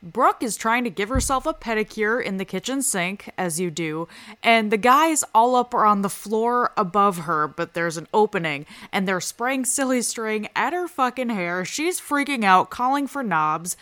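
A woman's voice: medium pitch, lively intonation, moderate pace, a bit bright. A woman host recapping a reality show in a casual, crude, joking way. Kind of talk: comedic TV recap.

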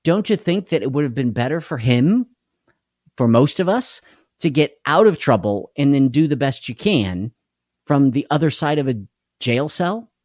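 A tired, worn-out man leads a live devotional in a relaxed, folksy way. He chats with his viewers and greets them by name. His voice is close and dry, with no room sound behind it. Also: medium pitch, normal speed, dry recording. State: tired and unwell. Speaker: devotional livestream host. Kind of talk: casual livestream devotional.

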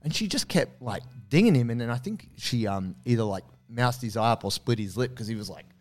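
A man hosting a podcast, telling a story in a casual, animated way, swearing freely and acting out the quotes. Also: medium pitch, brisk, faint music behind. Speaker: podcast host.

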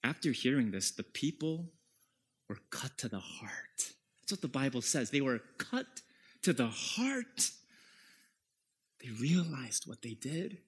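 A man preaching a sermon as pastor, emphatic and at times dropping to a hushed whisper. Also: medium pitch, sing-song, takes it slowly, pauses often, husky.

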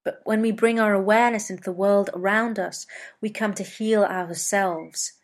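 A woman giving a reflective spiritual talk as a teacher, measured and repeating phrases for emphasis. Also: medium pitch, steady tone.

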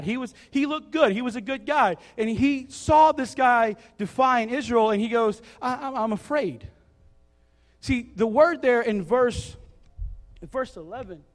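Guy preaching in a big echoey church hall, high voice, jokey and animated. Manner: casual, joking, animated storytelling. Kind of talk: sermon. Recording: reverberant hall.

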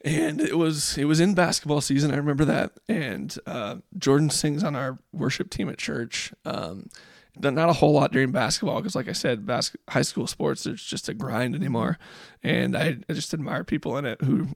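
A man's voice: fairly high pitch, normal speed, gravelly, dry recording, clean studio sound. A father in his thirties on a podcast, telling a rambling, reflective story about his kids with lots of filler words. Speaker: podcast co-host. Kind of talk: casual storytelling chat.

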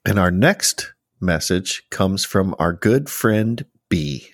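An American man co-hosting a casual podcast, cracking crude jokes and swearing. His voice sits fairly low, and the sound is dry and close. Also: animated, takes it slowly, no room sound. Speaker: podcast co-host.

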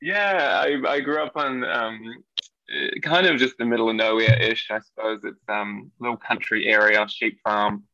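Gravelly New Zealand man, dull audio. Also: lowish voice, normal speed, pushed and bright, dry recording. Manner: chatty and giggly, with many ums. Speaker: podcast guest, nail artist. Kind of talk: casual interview chat. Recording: dull, lo-fi dry remote audio.

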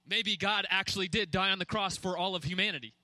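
A man preaching a sermon at a quick pace, firing off rhetorical questions with intensity. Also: high-pitched, bright, forceful tone, no echo. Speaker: pastor.

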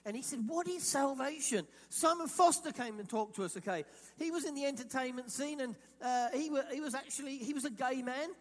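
A man from England preaching a sermon, animated and quoting imagined voices as he speaks. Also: very high voice, fairly quick, in a large hall. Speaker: pastor.

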